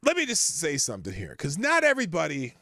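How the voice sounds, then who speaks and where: A man's voice: fairly high pitch, huge pitch swings, quick pace, pushed and bright, dry recording, clean studio sound. A man hosting a live show, chatting casually and rambling with many fillers and restarts as he responds to viewers' super chats. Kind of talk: casual live-stream commentary.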